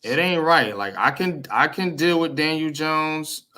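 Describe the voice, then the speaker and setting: A man's voice: fairly high pitch, measured pace, pushed and bright. A man hosting a casual sports chat, blunt and profane, repeating "man" as he talks.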